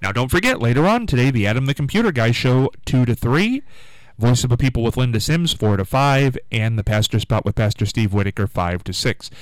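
A man's voice: mid-range voice, expressive, brisk, clean tone, no room sound. A man hosting a local radio show in a casual, upbeat, folksy way, plugging events. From Midwest US. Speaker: radio host.

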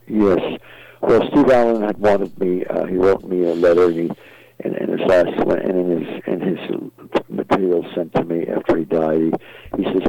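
Deep gravelly older man telling stories. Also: fairly even intonation, moderate pace, warm tone, dry recording. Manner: rambling, many fillers and restarts. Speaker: guest entertainer. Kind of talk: interview storytelling. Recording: dull, dry lo-fi audio.

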